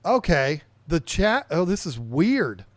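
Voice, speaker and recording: A man hosts a casual livestream podcast, his voice pitched a little high and recorded dry and close. He rambles from topic to topic, reading viewer comments aloud and answering them as he goes. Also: sing-song, takes it slowly, dry recording. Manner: rambling, reads viewer chat aloud and chats back.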